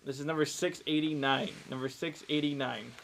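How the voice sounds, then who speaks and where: A fairly high-voiced man hosts a live sale and keeps reading out lot numbers between relaxed, chatty stories. His voice is slightly raised in pitch, with a faint noise in the background. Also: fairly quick, gravelly. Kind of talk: casual chat between lot calls.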